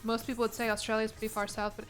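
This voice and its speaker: A woman's voice: on the high side, little pitch movement, very fast, fairly bright tone, smooth, faint music behind. A young American woman streaming a game, chatting casually with her viewers in a playful, rambling way. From United States. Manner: rambling, playful, laughs between lines.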